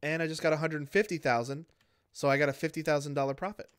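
A man's voice: fairly high pitch, fairly even intonation, fast, clean tone, dry recording. A man streaming a game live, chatting casually and joking in a mock-boastful way, speaking close to his microphone. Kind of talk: casual gameplay chat. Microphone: close to the mic.

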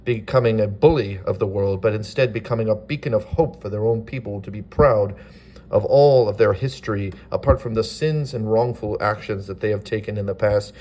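A man's voice: on the low side, brisk, darkish tone. A man from the United States giving impassioned political commentary as an online commentator, earnest and rousing, piling up repeated phrases.

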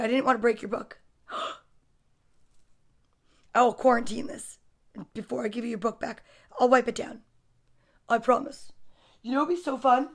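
A woman hosting a casual storytime livestream, chatty and gushing, greeting viewers by name between books. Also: sits high. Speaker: storytime host. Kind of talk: casual livestream book reading.

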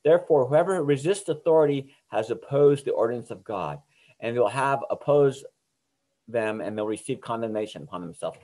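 A man's voice: medium pitch, lively intonation, moderate pace, mellow. A middle-aged man giving an informal, earnest Bible lesson to teenagers, often checking in with "okay?" and restarting his phrases. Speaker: youth ministry teacher. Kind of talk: recorded Bible lesson for teens.

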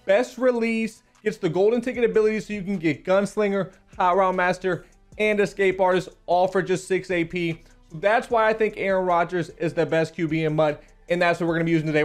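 A man with a fairly high voice talks through his gameplay in a loose, rambling way. He trips over his words and circles back on himself, and faint music plays underneath his commentary. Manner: rambling and chatty, stumbles and repeats words. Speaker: gaming YouTuber. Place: home recording setup.

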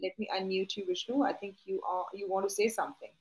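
A woman's voice: mid-range voice, steady tone, fast talker, reverberant, low-quality recording. A woman teaching a live online class, coaxing answers with repeated questions and tag questions.

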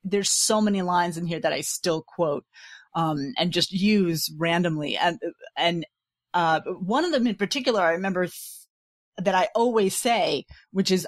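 A woman in a casual podcast discussion, talking enthusiastically and laughing easily, with halting restarts. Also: on the low side, no room sound, studio quality. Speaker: podcast guest.

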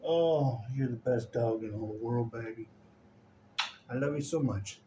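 A man's voice: mid-range voice, moderate pace, warm tone, a little hiss or hum. A man talking affectionately to his dog in a home video, using doting baby talk and laughing often. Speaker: dog owner filming his dog.

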